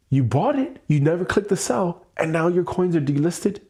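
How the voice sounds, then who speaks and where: A man speaking in a fairly high voice, venting in a raw, emotional livestream monologue. He repeats himself, swears freely and sounds fed up. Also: animated, moderate pace, few pauses, dark tone. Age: adult with a child. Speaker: host.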